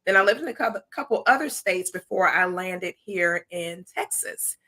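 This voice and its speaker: A woman's voice: fairly low pitch, lively intonation, normal speed, pushed and bright. A woman in her forties from Detroit, a talk show guest who banters sassily with plenty of slang. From Detroit, Michigan. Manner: sassy, playful banter with slang, laughs easily. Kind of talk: casual faith talk show chat.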